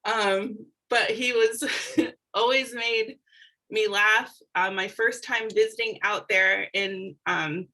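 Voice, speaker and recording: Bright-voiced woman on a video call, um-ing a lot, halting remembrance. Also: mid-range voice, steady tone, low-quality recording. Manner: hesitant, many ums, light laughs. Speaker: niece speaking at a tribute. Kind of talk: tribute remarks on a video call.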